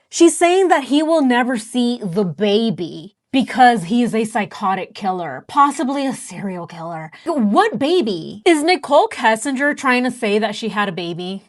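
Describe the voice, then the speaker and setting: A woman with a fairly high voice hosts a true crime reaction show, talking through a clip and reading out search results while asking incredulous questions.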